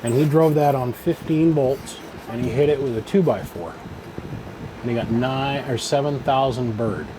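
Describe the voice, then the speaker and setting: A man's voice: mid-range voice, normal speed, background noise. A man who builds amplifiers, telling shop stories in a plain-spoken, casual way. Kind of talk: casual storytelling.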